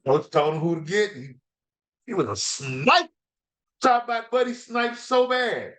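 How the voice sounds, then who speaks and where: A man hosting a fantasy football podcast, talking in an excited, casual way, repeating words and using slang. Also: sits high, unhurried. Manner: energetic, repeats words, slangy trash-talk style.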